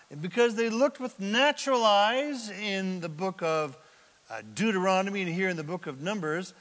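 Slow-talking pastor guy, high bright voice, big echoey hall, goes from near whisper to loud. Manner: dramatic, swings from hushed asides to loud emphatic preaching. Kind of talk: sermon. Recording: long reverb of a large hall.

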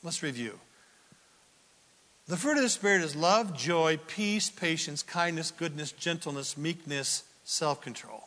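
Animated preacher in a reverberant hall. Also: male voice, on the high side, unhurried. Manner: animated preaching, acts out quotes loudly. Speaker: pastor. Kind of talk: sermon.

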